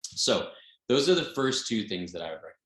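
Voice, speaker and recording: An earnest male instructor gives an informal health lesson in a fairly low voice. He chuckles now and then and restarts his sentences with plenty of fillers. The sound is roomy, with a clear echo. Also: big pitch swings, fairly quick, fairly bright tone. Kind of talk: informal teaching talk.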